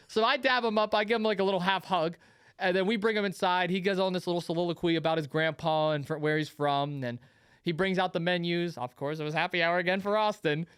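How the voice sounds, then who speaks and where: A young man in his twenties co-hosts a casual podcast, rattling off a story at a quick clip in a high, clear voice. He acts out every person in the tale. The sound is dry and close. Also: no echo. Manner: animated storyteller acting out quotes. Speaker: podcast co-host.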